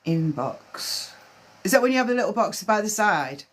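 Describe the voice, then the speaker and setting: A woman medium giving live-stream spiritual readings, talking in a halting way with many fillers and restarts. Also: medium pitch, animated.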